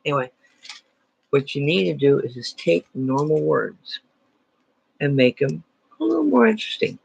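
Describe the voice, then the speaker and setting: A man teaches a playful lesson, cracking self-deprecating jokes along the way. His voice is heavily gravelly and a little husky, sitting slightly high for a man. The recording is dry and dull, with a lo-fi edge. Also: sing-song, moderate pace. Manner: jokey, self-deprecating asides.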